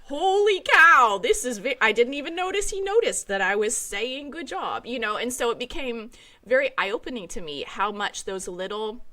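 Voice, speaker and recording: Female guest, highish and bright, animated anecdotal delivery. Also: normal speed. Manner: lively anecdotal storytelling. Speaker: podcast guest. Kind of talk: casual storytelling.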